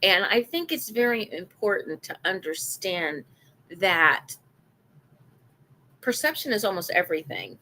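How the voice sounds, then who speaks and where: A woman's voice: medium pitch, big pitch swings, a little slow, long pauses, sharp tone. A middle-aged woman hosting a live-stream talk show, chatting casually and repeating phrases for emphasis.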